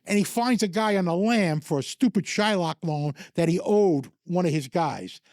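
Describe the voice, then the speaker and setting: An older man from the New York area tells his stories in a loose, rambling way, doubling back on himself and chuckling as he goes. His voice sits fairly high for a man, and the recording is close and dry with no room sound. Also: moderate pace, darkish tone, no echo. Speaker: storyteller guest. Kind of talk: casual storytelling.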